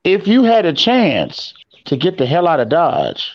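Male podcast co-host, slightly higher voice, deliberate, dull and dry recording. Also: wildly swooping pitch, no echo. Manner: slow, deliberate reasoning with joking asides. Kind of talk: casual podcast chat.

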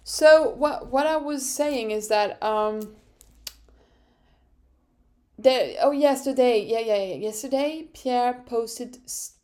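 Slow-talking laughing woman podcaster. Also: on the high side. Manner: animated, laughing often, swearing freely. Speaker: podcast host. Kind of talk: casual solo recap chat.

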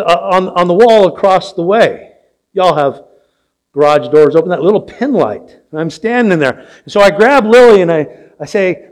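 An older man preaching a sermon as pastor, telling a story and asking the congregation questions. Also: high voice. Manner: storytelling, asks the audience questions. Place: church sanctuary.

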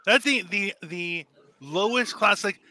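A man hosting a casual podcast, talking in an animated, profane way and riffing into little voices. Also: sits high, a little slow, no room sound. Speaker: podcast host.

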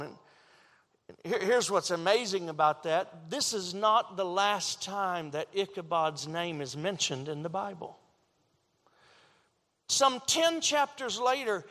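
A man with a very high, bright voice preaches a slow, deliberate sermon. He tells the story animatedly, acts out quotes and often stumbles into restarts. His voice rings with a long hall reverb.

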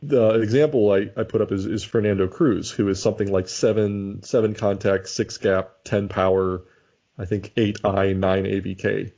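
A man co-hosts a relaxed podcast about a baseball sim league in a warm, fairly low voice with fairly even intonation and normal speed. He tends to think aloud and restart sentences, and the recording sounds dull and lo-fi.

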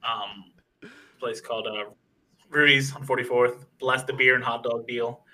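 Rambling, bright-voiced young man. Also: fairly even intonation, a little slow, rough recording. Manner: rambling storyteller, swears a lot; acts out other people's lines in higher voices. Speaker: podcast co-host. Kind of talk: casual podcast chat.

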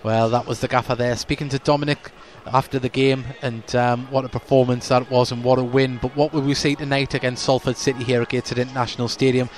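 A man's voice: medium pitch, flat delivery, fast, few pauses. A man hosting a club podcast, giving chatty pre-match commentary from a stadium stand and stumbling a little over names.

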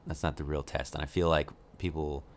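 This is a man with a notably deep, low-pitched voice, co-hosting a relaxed conversation. He rambles, restarts and pads his sentences with fillers, breaking into laughs along the way. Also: a little fast. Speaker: podcast co-host. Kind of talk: casual chat reviewing a movie.

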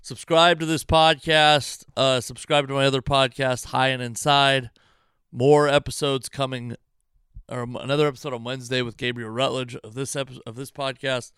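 A man in the middle of a frustrated, swear-filled ramble, hosting his own podcast from home. His voice is smooth and resonant at an ordinary pitch. It is recorded close to the mic in a dry room with no echo. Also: little pitch movement, normal speed, fairly bright tone. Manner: exasperated, profane, rambling. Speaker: comedian and podcast host. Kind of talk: casual self-deprecating monologue.

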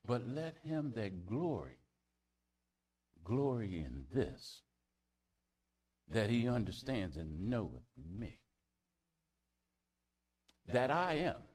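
A male pastor delivering a sermon at an unhurried pace. His pitch rises and falls widely as he moves between ringing declarations and hushed near-whispers. He reads scripture aloud and repeats words to build emphasis. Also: sing-song, husky. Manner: reads scripture aloud in King James wording.

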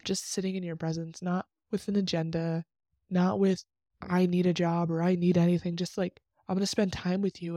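A young woman talks earnestly through a personal faith reflection, circling back and restarting her thoughts as she goes. Her voice is warm and mellow, with little rise and fall in pitch. It sounds close and dry, with no room sound. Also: no echo. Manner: earnest, rambling, many restarts and "like". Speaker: faith podcast host.

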